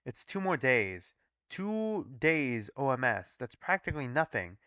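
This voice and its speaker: A man reading aloud as a calm, kindly older male lab supervisor, in a quiet, measured way, on a dull, dry recording. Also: medium pitch, smooth, no room sound. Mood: reassuring.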